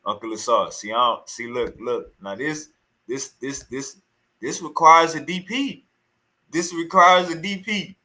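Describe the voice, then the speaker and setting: Bright-voiced man hyping and taunting. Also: a little high, measured pace, poor audio. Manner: teasing, repeats taunts over and over. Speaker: streamer reacting to a call. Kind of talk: loud mocking commentary.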